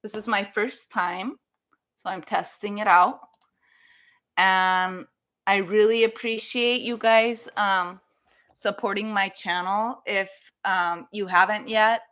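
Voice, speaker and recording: A woman teaching English in a live online lesson, explaining phrasal verbs slowly and carefully and encouraging her students. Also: mid-range voice, fairly bright tone.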